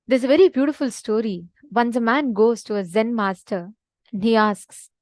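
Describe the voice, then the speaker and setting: A woman's voice: on the high side, normal speed, a little mellow, no echo, rough recording. Earnest woman teaching devotion. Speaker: spiritual teacher.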